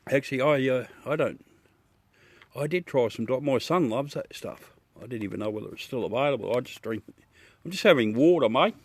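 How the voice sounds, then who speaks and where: A man's voice: mid-range voice, fairly quick, no room sound. An Australian man hosting a casual live chat with viewers from his backyard at night, swearing freely and laughing often. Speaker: livestream host.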